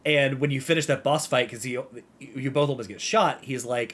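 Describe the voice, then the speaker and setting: A man co-hosts a podcast with a medium-pitched, somewhat bright voice at a moderate pace. He walks through a game in a casual, meandering way, imitating what the characters say.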